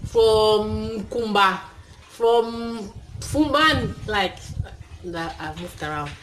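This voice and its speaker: A woman's voice: mid-range voice, drawn-out words, a little hiss or hum, poor audio. A young woman with a Cameroonian accent, chatting casually and upbeat to camera as the host of her channel, full of fillers. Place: indoors, talking to camera.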